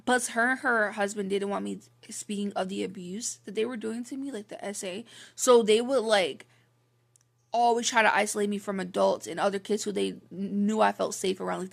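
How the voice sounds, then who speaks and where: A young adult woman with a creaky, medium-pitched voice vlogs a candid story from her life. She wanders through it with frank exasperation and leans constantly on the word "like."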